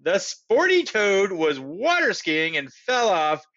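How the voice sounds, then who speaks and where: A man reads a children's story aloud with an expressive, animated delivery. His voice sits high, bright and lively in its rise and fall. The recording is dull and lo-fi. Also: slow pace.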